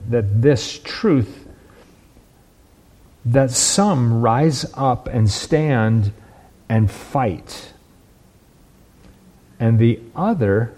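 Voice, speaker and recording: Mellow and slightly rough, this preacher's medium-pitched voice carries a sermon full of emphatic points. He repeats and restarts words while building them up, and keeps checking in with "right?" and "okay?".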